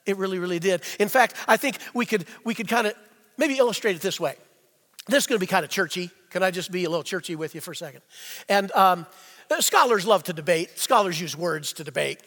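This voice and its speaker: A man preaching a sermon, asking the congregation questions and slowing down to stress key phrases, with big swings between hushed and loud delivery. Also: high-pitched, expressive. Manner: rhetorical questions, slows for emphasis, swings between quiet and loud. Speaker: pastor. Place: church sanctuary. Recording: long reverb in a church hall.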